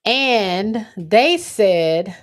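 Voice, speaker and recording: A woman's voice: mid-range voice, expressive, very slow. A young woman hosting a casual sports livestream, chatting loosely and reading viewer comments aloud as she goes. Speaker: livestream host.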